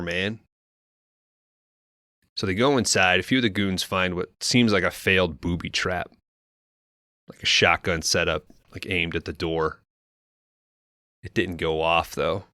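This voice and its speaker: Deep, bright-toned man recapping a movie. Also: no room sound, studio quality. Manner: loose, profane storytelling with quoted asides. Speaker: podcast co-host recapping a film. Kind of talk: casual movie recap chat.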